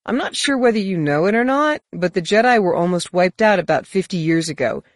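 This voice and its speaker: A woman's voice: fairly high pitch, big pitch swings, normal speed, breathy edge, dry recording, clean studio sound, voice pushed up, heavily acted. A woman doing an eager, persistent young man. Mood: earnest. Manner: earnest, pressing.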